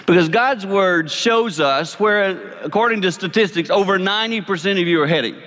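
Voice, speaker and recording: Man with a South Carolina accent, fifties, preaching conversationally, fairly high voice. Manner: folksy, conversational, animated. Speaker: speaker. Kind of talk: sermon with object lesson. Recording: long reverb of a large hall.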